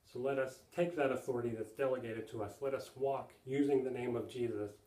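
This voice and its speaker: A man's voice: medium pitch, brisk, mellow, roomy sound, distant mic, rough recording. A man giving an earnest sermon-style teaching, plainly explaining with repeated asides to his listeners. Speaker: preacher.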